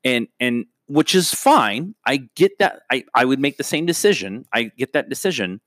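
A man's voice: medium pitch, lively intonation, normal speed, fairly bright tone, no echo. A man co-hosting a podcast, talking through his opinions in a rambling way, with lots of filler sounds and restarts. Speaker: podcast co-host. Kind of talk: casual chat.

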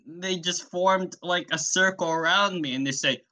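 A young man hosting a podcast solo, telling an absurd story in a rambling, deadpan way. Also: high-pitched, moderate pace. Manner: rambling, deadpan, self-interviewing.

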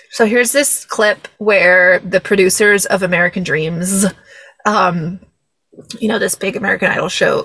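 A woman's voice: lowish voice, a bit bright, husky, dry recording. A young woman hosting a podcast, chatting casually and laughing, with many fillers. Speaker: podcast host. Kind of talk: casual chat about a film.

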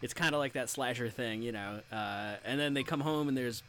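A man's voice: medium pitch, a little fast, a bit bright, a little hiss or hum. A man co-hosting a podcast, chatting casually about a film with dry, wry asides. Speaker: podcast co-host.

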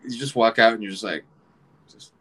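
Animated low-voiced man telling a story. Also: fairly quick. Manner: animated, swears freely, acts out other people's voices. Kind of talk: casual storytelling.

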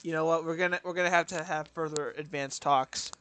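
A young podcast co-host speaks in a slightly high, bright, forceful voice with fairly even intonation, over a little hiss or hum. He chats casually and rambles with fillers, "like," restarts, and quick voice impressions.

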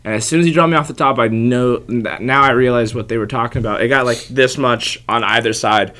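A man's voice: mid-range voice, fairly quick, sharp tone. A young man in his twenties telling a rambling travel story in casual chat, full of "like" and casual swearing. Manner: rambling, fillers like "like" and frequent swearing.

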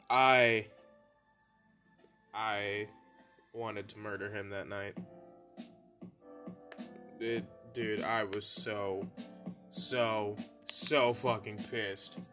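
A man's voice: lowish voice, pushed and bright. A young man telling rambling, profane stories in a casual monologue, laughing and mimicking his friends. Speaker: podcast host telling stories. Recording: faint music bed behind.

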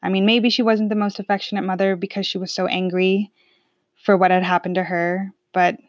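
A woman's voice: mid-range voice, flat delivery, brisk, no room sound, muffled recording. A woman telling a personal story in a casual, candid and reflective way, with some swearing.

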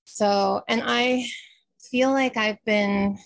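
A woman with a gravelly, creaky voice on a dry, close recording. She talks haltingly, circles back and restarts her thoughts as she shares. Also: on the high side, fairly even intonation, dry recording. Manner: hesitant and searching, restarts her sentences. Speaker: community member asking a question. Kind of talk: personal sharing in a group session.

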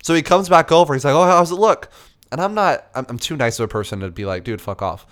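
A young man casually telling a story, animated, swearing and acting out the people in it. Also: fast. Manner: animated, swearing, acts out dialogue in a higher voice.

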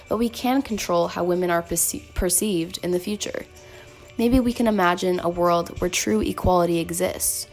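Brief: woman podcast host, earnest scripted reading, lowish voice, soft music behind. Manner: earnest, read-aloud delivery. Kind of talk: scripted essay narration.

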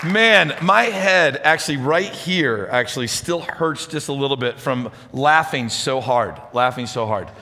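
A man preaching a sermon as pastor, chatty and energetic, speaking to a congregation. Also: medium pitch, measured pace, few pauses, some chatter behind, slight background noise. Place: church hall with audience. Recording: reverberant church hall.

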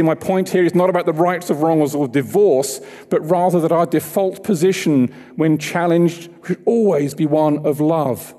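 A man's voice: fairly high pitch, dark tone, long reverb tail. A man preaching a sermon in a church, talking conversationally and asking the congregation questions.

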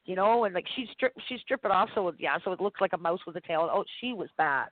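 A woman co-hosting a podcast, telling stories in a lively, chatty way and laughing often. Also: on the low side, fast, no room sound. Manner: animated storyteller, laughs often. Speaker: podcast co-host. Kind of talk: casual chat. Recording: dry tinny phone-like sound.

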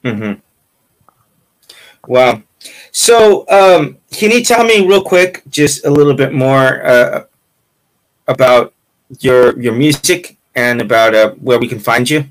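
A man hosts a relaxed interview in a mid-range voice, asking loose, rambling questions. He teases his guest playfully as he goes. His pitch sits right in the middle, neither high nor low. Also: slow pace, pauses often, poor audio. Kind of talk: casual interview.

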